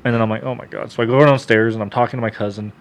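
A man's voice: mid-range voice, fairly even intonation, rapid-fire. Casting note: male podcast guest, blunt, profane storyteller who acts out every line of dialogue. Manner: profane, laughing, quotes himself and others. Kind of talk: casual storytelling.

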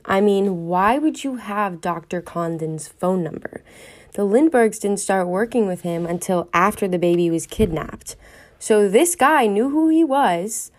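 Chatty young woman hosting a podcast. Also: medium pitch. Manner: chatty, wondering aloud, many fillers. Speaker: podcast host. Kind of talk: casual true-crime storytelling.

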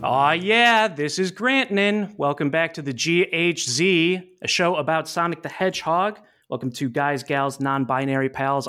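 A man's voice: a little high, fairly bright tone. A man hosting a fan podcast, upbeat and jokey as he introduces the show and guests. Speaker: podcast host. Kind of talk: casual podcast chat.

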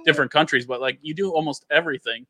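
A man's voice: fairly high pitch, quick pace, pushed and bright, no room sound. A young man telling a story in a casual chat, acting out the quotes and laughing often. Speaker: storyteller guest.

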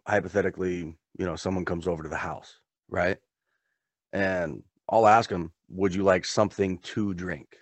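A laid-back man with a very low, deep voice chats in a rambling, easy way on a podcast, with the odd chuckle between thoughts. The sound is dry and close, with no room echo. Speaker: podcast co-host. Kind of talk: casual chat.

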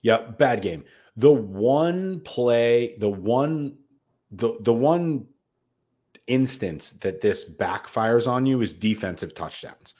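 A man from the United States co-hosts a sports betting podcast, keeping the chat casual while sounding brash, foul-mouthed, and hyped. His mid-range voice is darkish in tone, slow, and lively in intonation.

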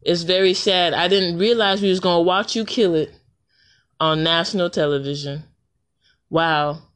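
A woman talking casually into a recorder, telling a story in an animated, colloquial way and laughing often. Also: moderate pace. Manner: animated storytelling, jumps high for reactions. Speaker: podcaster. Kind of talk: casual monologue. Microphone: handheld recorder.

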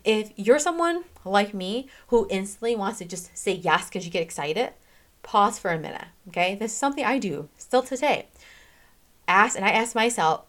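A chatty woman hosting a self-help talk, her voice in a middle register. She talks with emphatic, animated energy, speeding up and slowing down and leaning hard on key words. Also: medium pitch. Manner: emphatic, chatty, frequent "okay?" and "freaking"; animated, swings in pace and loudness, laughs often. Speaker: self-help podcast host. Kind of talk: casual motivational talk.

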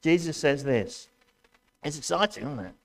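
A man's voice: on the high side, lively intonation, normal speed, vocal fry. Man preaching a fiery sermon. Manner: impassioned, loud preaching with sudden shouts; addresses congregation directly, asks questions. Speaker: pastor. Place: church.

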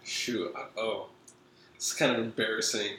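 A man's voice: lowish voice, level tone, unhurried, bright, forceful tone, a little hiss or hum. A man co-hosting a casual chat show, hesitant and self-conscious, full of fillers. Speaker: podcast co-host. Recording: echoey room.

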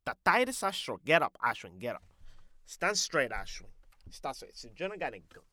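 A man playing a brash, foul-mouthed host who shouts and leaps up into high squeals. The voice is bright, and the pitch swings widely. It sounds dry and close to the mic. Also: big pitch swings, normal speed, no room sound. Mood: loud ribbing. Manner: loud, brash, swears constantly, pitch jumps high. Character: brash loud profane male podcast host. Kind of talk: comic sketch.

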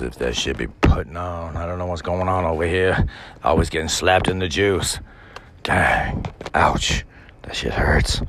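Man, extremely low voice, gravelly, slow drawl, crude and profane, casual rambling to viewers. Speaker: vlogger playing music.

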